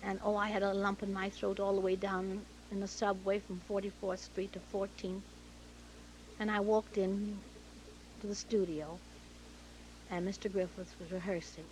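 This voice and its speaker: A Canadian-born woman telling stories of her career in an interview, bringing the people in them to life through their dialogue. Her voice sits at a middle pitch for a woman. A faint hum of noise runs under the recording. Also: normal speed, low-quality recording. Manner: lively storyteller acting out quoted dialogue. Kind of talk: anecdotal storytelling.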